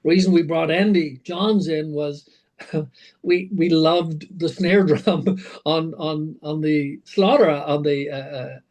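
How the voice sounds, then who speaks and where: A man, a rock singer being interviewed, telling animated anecdotes full of fillers and restarts. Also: fairly high pitch, slow, rough recording. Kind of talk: casual interview storytelling.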